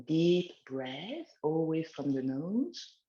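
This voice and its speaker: Slow, gentle woman guiding a relaxation exercise. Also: deep voice, sing-song, reverberant, dull audio. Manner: slow, gentle guiding of breathing and neck movements. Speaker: wellness instructor. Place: outdoors in the countryside, chickens nearby.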